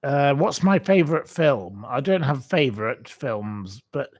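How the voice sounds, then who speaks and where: A man's voice: mid-range voice, very animated, unhurried. A man hosting a livestream, reading out viewer comments and ranting bluntly with repeated insults. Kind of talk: casual live-chat rant.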